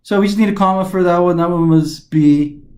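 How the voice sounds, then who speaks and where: A man's voice: high voice, fairly quick, darkish tone, reverberant. A man teaching a recorded prep lesson, explaining answers step by step with frequent restarts. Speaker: test prep instructor.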